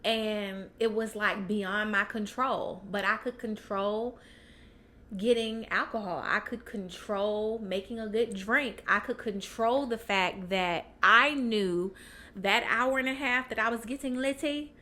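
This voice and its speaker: A woman's voice: medium pitch, slow pace, bright, forceful tone. A woman guest on a podcast, talking candidly with many fillers and restarts and laughing often. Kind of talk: candid personal chat.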